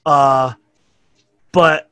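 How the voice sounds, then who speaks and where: Speaking very slowly in a steady, mid-range voice that's sharp yet clean, this middle-aged man with a New York accent spins profane, meandering anecdotes as a podcast guest, performing the dialogue himself. There's no echo.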